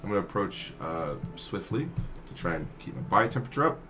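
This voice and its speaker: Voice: deep voice, very animated, fast talker, music in the background. A player in a tabletop game, describing actions hesitantly and thinking aloud.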